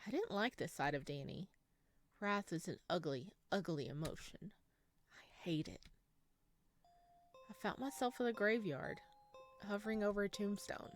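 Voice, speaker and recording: A woman reading a visual novel aloud, narrating and reacting out loud between lines. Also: mid-range voice, normal speed, soft background music.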